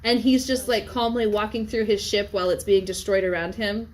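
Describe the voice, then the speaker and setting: Brief woman Latin teacher, mid-pitched, conversational, keeps asking "yes?", classroom. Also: steady tone, brisk, a little mellow. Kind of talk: classroom lecture with discussion.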